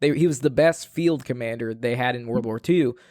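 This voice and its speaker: A man's voice: mid-range voice, normal speed, a little mellow, no echo. Rambling man in dry casual chat. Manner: rambling, filler-heavy storytelling. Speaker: podcast host.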